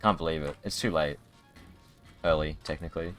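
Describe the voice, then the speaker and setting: A man's voice: rumbling low, fairly quick, a bit bright, faint music behind. A man streaming a video game live, chatting casually in a rambling way with many restarts. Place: home streaming setup.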